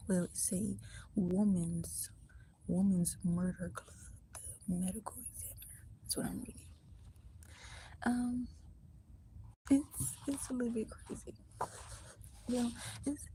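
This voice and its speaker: A woman's voice: medium pitch, takes it slowly, long pauses, mellow, a little hiss or hum, low-quality recording. A woman in her twenties whispering on a live stream from a library, reading a book aloud and chatting in a giggly, goofy way. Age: 20s. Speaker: livestream host. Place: indoor public library.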